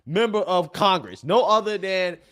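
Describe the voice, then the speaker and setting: A man opening his show in a sarcastic, teasing tone. His voice sits high and moves all over the place in pitch. The delivery sounds like a casual talk-show opener. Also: lively intonation, moderate pace, a bit bright. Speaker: host.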